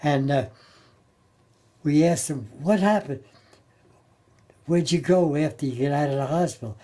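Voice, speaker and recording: An older man recalling his time as a Navy sailor in a halting, plain-spoken way, often repeating and restarting his words. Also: a little high, warm tone. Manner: plain-spoken, colloquial grammar. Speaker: Navy veteran interviewee. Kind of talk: oral history storytelling.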